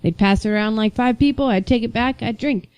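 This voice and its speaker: A young woman co-hosting a casual podcast, telling lively anecdotes and acting out the voices of people in them. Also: on the high side, fairly quick, clean tone, no echo. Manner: animated storyteller, acts out voices in her anecdotes. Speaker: podcast co-host. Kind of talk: casual chat.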